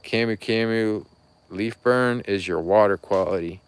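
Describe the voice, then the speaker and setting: A man's voice: fairly low pitch, measured pace, smooth, no room sound. A man gives a rambling, folksy walking tour of his fruit tree nursery at night, chatting to viewers. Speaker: rare fruit tree grower and seller. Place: outdoor plant nursery at night.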